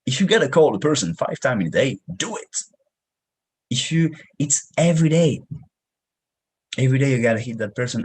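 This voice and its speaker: A young man with a French accent giving an energetic, punchy sales training talk, slangy and direct. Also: medium pitch, a little fast, pauses often, husky, rough recording. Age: young adult. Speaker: sales coach.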